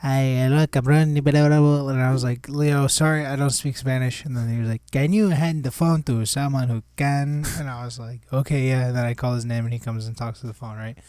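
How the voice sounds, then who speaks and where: A man's voice: mid-range voice, steady tone, brisk, hardly any pauses, a little mellow, no echo. A young man co-hosting a podcast, telling a story in casual chat, swearing and acting out quoted lines. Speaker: podcast co-host.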